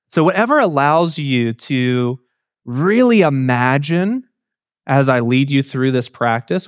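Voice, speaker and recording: A man's voice: mid-range voice, no room sound, clean studio sound. A man preaching, guiding listeners through an imagined scene and speaking to them directly. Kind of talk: guided imaginative meditation in a sermon.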